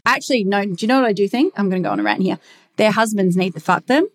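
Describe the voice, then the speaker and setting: A woman's voice: medium pitch, sing-song, fast. A young woman talking bluntly in a casual confessional monologue, swearing freely as she rants.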